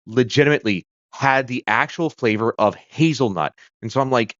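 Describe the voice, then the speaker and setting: A man's voice: medium pitch, moderate pace, fairly bright tone, no room sound, dull audio. A man from the United States hosting a casual livestream, chatty and rambling with fillers and self-corrections. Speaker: livestream host. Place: home room with a kitchen corner. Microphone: streaming setup.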